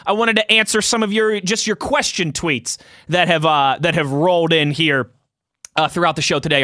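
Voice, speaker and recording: A young man hosts a sports call-in show, reading listener tweets in a loose, chatty way and laughing easily. His voice sits high and sounds bright and forceful. The close mic keeps the sound dry. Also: no room sound. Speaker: sports podcast host.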